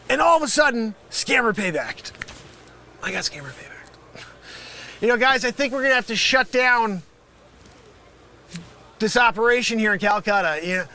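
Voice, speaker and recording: A man improvising a comedy sketch as a fake phone scammer, insulting his caller, swinging from shouting to muttering, in a put-on New York accent. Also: high-pitched.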